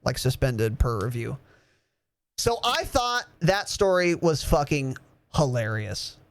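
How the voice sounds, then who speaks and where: A young man in his twenties hosting a podcast, telling a story in a loose, animated way, swearing and laughing as he goes. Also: mid-range voice, slow pace. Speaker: podcast host. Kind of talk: casual storytelling.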